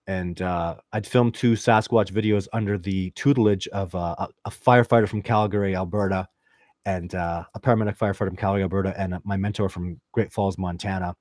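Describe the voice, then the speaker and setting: A Canadian man hosting a casual livestream, reading viewer questions and rambling excitedly with lots of restarts and fillers. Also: on the low side, no room sound, studio quality. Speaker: livestream host.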